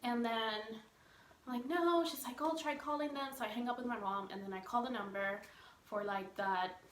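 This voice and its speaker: A young woman vlogger telling a story in a casual, animated way, acting out what others said and saying "like" a lot. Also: mid-range voice, normal speed, a little hiss or hum. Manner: animated retelling, acting out quoted people, many "like" fillers. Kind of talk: storytime vlog. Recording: echoey room.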